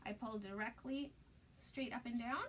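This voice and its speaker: Bubbly high-voiced woman hosting a craft stream. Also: normal speed, fairly bright tone, recorded from a distance, slight background noise. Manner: bubbly and gushing, chatting to viewers by name. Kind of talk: live-streamed craft demo.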